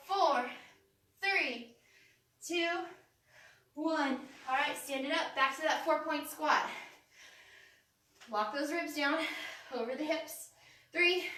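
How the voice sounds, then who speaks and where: Bright high-voiced lady fitness coach, a bit winded, echoey room, phone mic way across it. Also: distant mic. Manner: upbeat, cueing moves and counting down. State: out of breath. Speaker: fitness instructor. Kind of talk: live workout instruction. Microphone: phone camera from across the room.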